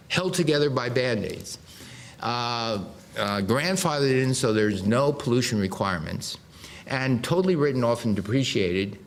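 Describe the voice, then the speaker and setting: Low-voiced man giving a lecture. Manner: explanatory, dry humor, frequent restarts. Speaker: guest speaker. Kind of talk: public lecture. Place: lecture hall before a live audience.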